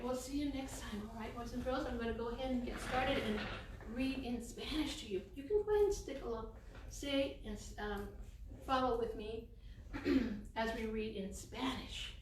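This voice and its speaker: High-voiced woman reading to kids. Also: background noise. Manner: slow, expressive read-aloud to children, sings nursery songs. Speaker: children's librarian. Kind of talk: children's story time reading and singing. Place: library room. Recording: echoey room, voice from far off.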